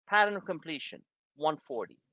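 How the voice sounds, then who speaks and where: A man's voice: a little high, sing-song, brisk, bright, forceful tone, no room sound, muffled recording. A man hosting a trading webinar, blunt and emphatic, firing off rhetorical questions at his listeners.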